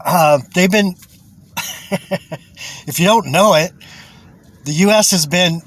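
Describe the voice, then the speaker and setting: A man's voice: high voice, takes it slowly, a bit bright. A man giving rambling religious commentary, chuckling often, repeating himself and swearing.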